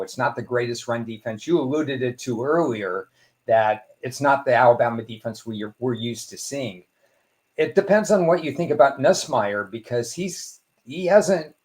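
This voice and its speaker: A man talking as a guest on a sports betting show, giving measured, analytical football picks and thinking aloud with small restarts. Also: mid-range voice, a little mellow. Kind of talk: casual sports betting talk.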